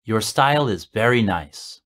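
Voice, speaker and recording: A man reading short practice sentences slowly and clearly for language learners. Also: fairly low pitch, expressive, fairly bright tone. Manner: clear, measured enunciation. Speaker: native-speaker model voice. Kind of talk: slow repeated phrase reading for learners.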